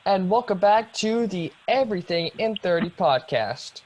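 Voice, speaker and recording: A man's voice: sits high, lively intonation, a little slow, a little hiss or hum, low-quality recording. A young man co-hosting a podcast, telling a long story in a casual, rambling way with lots of ums and restarts. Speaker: podcast co-host. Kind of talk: casual chat.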